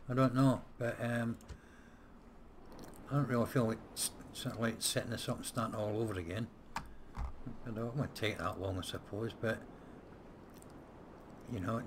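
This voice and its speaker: Deep-ish guy doing casual game commentary, lots of ums, says what he thinks. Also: a little hiss or hum. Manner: rambling, thinking aloud with frequent hesitations; blunt, occasional swearing. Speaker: gameplay host. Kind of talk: casual let's-play commentary.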